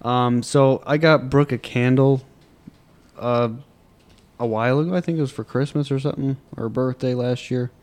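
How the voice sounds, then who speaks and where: A tired man hosting a loose after-work chat with friends. His pitch sits in the middle and his delivery rambles. He trails off and picks his sentences back up as the story comes to him. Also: steady tone, normal speed, a little mellow.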